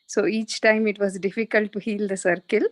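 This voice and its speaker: A woman from India, sharing her experience with the group in an earnest, halting way. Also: mid-range voice, steady tone, no echo. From India (Telangana). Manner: earnest, halting, with light laughs. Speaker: workshop participant. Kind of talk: personal testimony. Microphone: video call.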